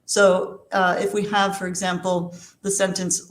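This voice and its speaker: A woman giving an academic lecture on linguistics, explaining in a measured way with frequent ums and uhs. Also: fairly low pitch, little pitch movement, roomy sound.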